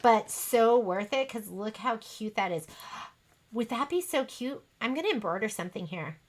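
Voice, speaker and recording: A woman's voice: on the high side, expressive, moderate pace. A woman hosting a sewing livestream, chatting casually and rambling to her viewers as she works. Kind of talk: casual chat while sewing.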